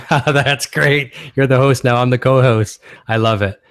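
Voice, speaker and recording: A man's voice: medium pitch, steady tone, slow pace, clean tone, no echo, clean studio sound. A man from Canada hosting a casual guitar-gear livestream, talking in an enthusiastic, rambling way.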